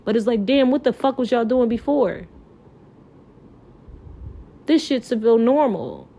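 Her warm, fairly high voice is expressive and a little slow as she hosts her podcast alone. It's an emotional monologue: she pleads passionately, nearly in tears, peppering her words with fillers and curses.

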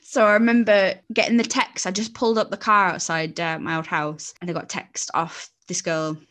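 A woman with a slightly low voice talks candidly on a podcast. She is blunt and casual, swears freely and jokes at her own expense. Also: flat delivery, moderate pace, fairly bright tone. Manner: frank and blunt, with swearing and self-mocking asides. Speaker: podcast co-host. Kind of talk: candid conversational storytelling.

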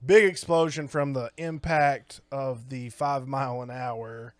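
A man's voice: mid-range voice, steady tone, a little slow, no room sound. A man co-hosting a podcast, recapping a movie in casual chat, crude and joking, acting out scenes with sound effects. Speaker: podcast co-host.

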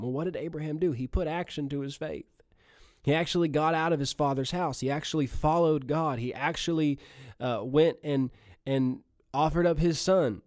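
A man's voice: fairly high pitch, a little mellow, no echo, clean studio sound. A man preaching a teaching sermon in a conversational way, repeating key phrases for emphasis with frequent "you know" asides.

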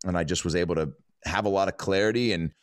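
A man's voice: sits low, fast talker, no echo, studio quality. A man, a comedian guest, telling rambling, profane stories in casual chat. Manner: rambling, profane, laid-back. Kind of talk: casual storytelling.

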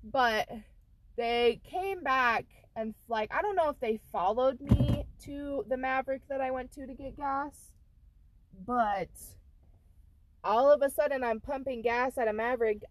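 A woman's voice: sits high, a little slow, no echo. Woman on a podcast ranting thru a story, swears a lot, acts out the lines, dry close sound. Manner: profane, animated storyteller who acts out quotes. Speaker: podcast co-host. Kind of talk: casual storytelling chat.

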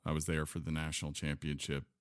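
Male co-host, very low voice, relaxed and halting, dry sound. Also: smooth, dry recording. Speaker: podcast co-host. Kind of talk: casual chat.

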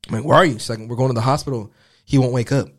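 A man's voice: mid-range voice, fairly even intonation, racing. A young man telling a personal story in a casual podcast chat, rambling and profane, full of filler words. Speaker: guest.

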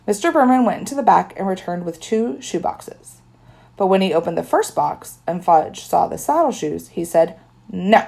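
A woman's voice: on the low side, expressive, normal speed, creaky, mellow. A woman narrating a children's story in first person with a wry tone. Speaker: audiobook narrator.

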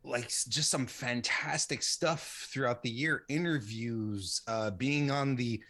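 With a mid-range voice and sharp tone, a man in his late forties takes his time answering interview questions about running a women's wrestling site. His replies are casual and rambling, with frequent restarts and fillers.

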